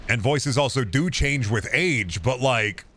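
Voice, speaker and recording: A man in his thirties with a deep voice, chatting casually on a stream into a boom mic, rambling with many restarts and casual swearing. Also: unhurried, fairly bright tone, a little hiss or hum. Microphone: boom microphone with compressor and EQ.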